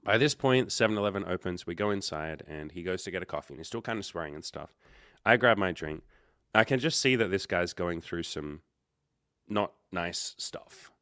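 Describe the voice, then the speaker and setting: Male livestream host, deep register, loose chatty storytelling, dry close sound. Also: animated, normal speed, a bit bright, dry recording. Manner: rambling, self-correcting, with quoted dialogue. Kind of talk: casual storytelling.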